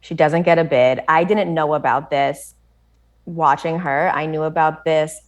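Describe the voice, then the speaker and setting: An American woman guest on a podcast, telling a story with animated energy and a stream of "like" fillers, laughing often. Her voice sits somewhat low for a woman. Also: a little slow. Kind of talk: casual chat.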